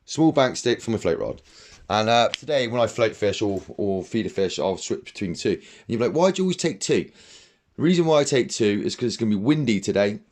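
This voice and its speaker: A man's voice: fairly low pitch, lively intonation, brisk, darkish tone. A man chatting casually to camera about his fishing gear in his fishing room at home, rambling and blunt. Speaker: fishing vlogger.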